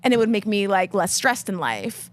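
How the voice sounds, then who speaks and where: A woman's voice: medium pitch, very animated, normal speed. A young woman comedian co-hosting a casual podcast, talking candidly and acting out quoted lines in a joking way. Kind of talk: casual chat.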